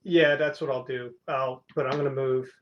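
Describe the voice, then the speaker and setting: A man's voice: medium pitch, fairly even intonation, moderate pace, lo-fi sound, slight background noise. A man playing a tabletop game, casually declaring his moves and spells. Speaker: player.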